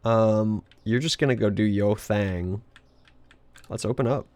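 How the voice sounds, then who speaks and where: A man streams a video game and rambles casually, laughing a lot and swearing freely. His voice is on the low side, a little mellow and unhurried, with no echo.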